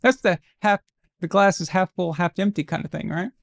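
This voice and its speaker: A man's voice: high-pitched, moderate pace, vocal fry. A man from Arkansas hosting a live football watch-along stream, giving casual commentary full of crude, brash, mocking humor.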